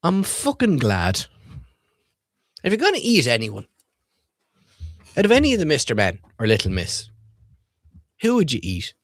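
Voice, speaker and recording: With huge pitch swings and frequent pauses, his mid-range voice moves at a moderate pace, recorded at studio quality with no room sound. He's streaming as he reads and reviews children's books, joking profanely and irreverently and asking viewers questions.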